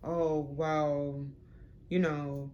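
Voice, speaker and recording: A woman voicing her young ex-boyfriend as a dismissive man who drags out his excuses slowly. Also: low-pitched, level tone, warm tone, lo-fi sound, a little hiss or hum. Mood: drawling, dismissive. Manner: slow, drawn-out explaining. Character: smooth-talking young male ex-boyfriend, dismissive.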